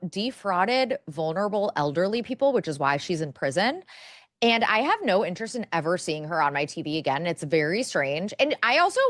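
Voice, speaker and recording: Her voice sits lowish as this young podcast co-host chats and rambles, dropping plenty of fillers. The recording is studio quality, with no echo at all.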